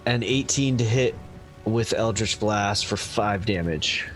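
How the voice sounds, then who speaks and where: A man playing a tabletop game, speaking hesitantly with pauses. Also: fairly low pitch, fairly bright tone, soft background music. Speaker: player.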